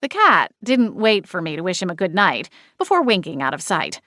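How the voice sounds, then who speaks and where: A woman narrating a cozy mystery audiobook in first person, expressive and playful. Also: on the low side, moderate pace, no room sound, clean studio sound.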